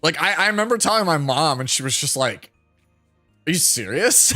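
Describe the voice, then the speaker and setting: A man's voice: fairly high pitch, very animated, moderate pace, sharp tone. A man in his thirties, a streamer, telling a rambling story to his chat with lots of filler words and frequent laughter. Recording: faint music behind.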